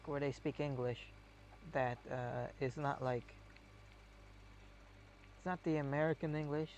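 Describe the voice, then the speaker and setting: A man's voice: medium pitch, fairly even intonation, unhurried, darkish tone, a little hiss or hum. A man streaming a game, chatting casually in a rambling, musing, self-mocking way. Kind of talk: casual gameplay chat.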